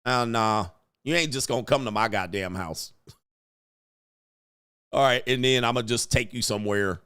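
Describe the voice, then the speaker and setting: A man's voice: mid-range voice, moderate pace, fairly bright tone, clear, resonant tone. A man hosting a live stream, chatting casually, reading viewer donations aloud and laughing often. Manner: loose and joking, reads donor messages aloud, laughs often.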